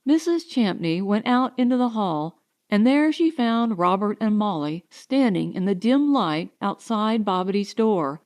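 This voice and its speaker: Slow, expressive woman narrating a story. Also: medium pitch. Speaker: audiobook narrator. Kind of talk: scripted narration.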